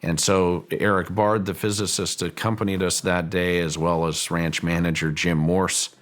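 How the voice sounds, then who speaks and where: A middle-aged man, a property owner, recounting a personal story in an interview, halting and repeating words as he thinks. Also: low voice, level tone, fairly bright tone.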